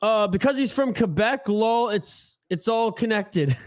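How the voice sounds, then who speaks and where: A man's voice: sits high, expressive, takes it slowly. A man hosting a live hockey watch-along stream, giving casual play-by-play and joking and swearing while reading chat aloud. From Canada.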